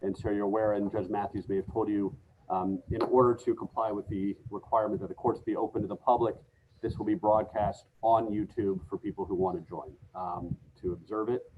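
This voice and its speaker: A judge with a lowish voice reads out courtroom advisals in a formal, measured way, pausing often on fillers. His voice comes through a thin, phone-like line. A faint hiss sits under it. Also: fairly even intonation. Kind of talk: presiding over a remote court hearing.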